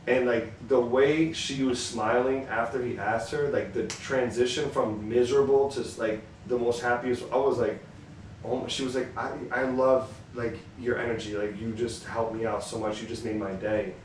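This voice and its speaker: A man's voice: medium pitch, normal speed. A man co-hosting a podcast, asking questions and telling stories casually, with a teasing edge. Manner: teasing, lively retelling. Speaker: podcast co-host. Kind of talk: casual chat and storytelling. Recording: echoey room, mic at a distance, faint hiss.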